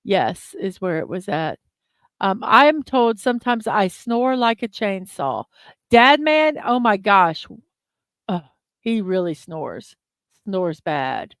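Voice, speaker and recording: Woman livestream host, chatty and giggly with viewers, unhurried delivery, dry room. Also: mid-range voice, very animated, no room sound. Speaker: host of a daily morning livestream. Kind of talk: casual live-stream chat.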